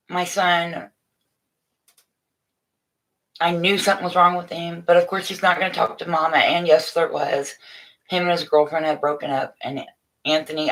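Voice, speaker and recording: A middle-aged woman hosting a casual morning livestream, chatting warmly and motherly with viewers from a room at home, with frequent restarts. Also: on the low side. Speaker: livestream host. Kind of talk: casual live chat to viewers.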